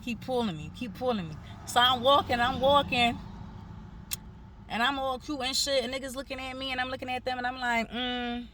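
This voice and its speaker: A woman's voice: high voice, fairly quick, a bit bright, a little hiss or hum. A woman tells a story in a casual, profane vlog. She talks animatedly and acts out the people she quotes. Faint outdoor ambience and passing cars sit behind her phone recording. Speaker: vlogger.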